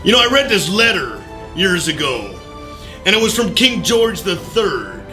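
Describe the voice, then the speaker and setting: High bright animated man telling a story. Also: a little slow, faint music behind. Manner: animated, acts out his own voice in quotes, loud bursts; mild profanity, folksy. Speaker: recovery speaker. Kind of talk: motivational storytelling talk.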